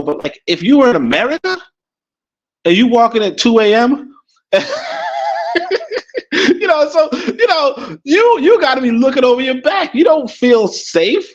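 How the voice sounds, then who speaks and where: A Caribbean-born man sits in as a talk show co-host, riffing in a loose, rambling way full of restarts and chuckles. His voice sits a little high for a man. The sound is dull and lo-fi, like a muffled online call. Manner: rambling, animated, many restarts and laughs. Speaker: podcast co-host. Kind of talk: casual opinion talk. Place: in Africa.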